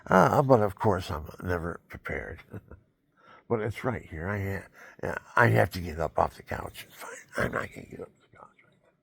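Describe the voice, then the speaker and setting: An older vlogger gives a casual health talk to the camera from his couch, rambling through folksy tips, counting aloud, and sounding out of breath. His deep voice is gravelly, husky, and expressive at a moderate pace, in a dry recording.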